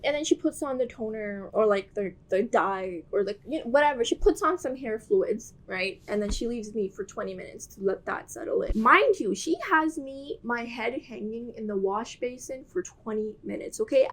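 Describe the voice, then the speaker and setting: A young adult woman tells a casual storytime. Her voice sits a bit high. She talks in an animated, self-mocking way and leans on "like" as a filler. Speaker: vlogger telling a story.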